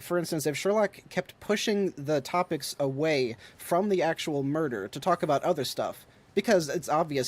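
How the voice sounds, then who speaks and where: A man with a slightly raised pitch who talks in a loose, casual way, stringing his thoughts together with plenty of fillers as he reasons out loud. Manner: loose conversational, many fillers like "like". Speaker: podcast co-host. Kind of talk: casual discussion.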